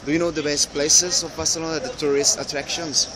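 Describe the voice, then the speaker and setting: Fast-talking man interviewing on the street. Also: a little high, level tone, pushed and bright, low-quality recording. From Catalonia. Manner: halting, searching for words. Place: outdoors on a busy street. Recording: street traffic noise behind.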